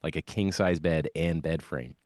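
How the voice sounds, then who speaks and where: A man's voice: extremely low pitch, normal speed, darkish tone, no room sound, clean studio sound. A man, a band musician, chatting as a podcast guest and telling rambling stories in a self-conscious way. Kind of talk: casual interview chat.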